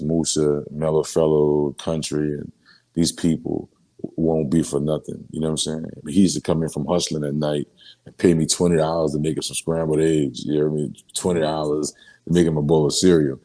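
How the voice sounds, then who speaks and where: A rapper from New Orleans, Louisiana in a casual sit-down interview, telling emotional stories in street slang and filler phrases. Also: male voice, very deep voice, flat delivery, a little fast, warm tone.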